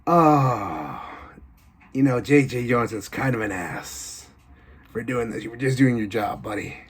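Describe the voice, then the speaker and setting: A man's voice: expressive, measured pace, a little hiss or hum. A man doing a creepy whispering killer prisoner. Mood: mocking. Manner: low, hushed, creepy whisper. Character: menacing male serial-killer prisoner, creepy and sneering.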